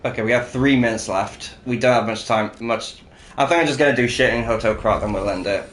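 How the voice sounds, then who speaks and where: A man co-hosts a casual gaming session, chatting and thinking aloud as he plays, with plenty of filler words. His voice is mid-range, fairly bright, and a little fast. The recording has a roomy echo and faint music behind it.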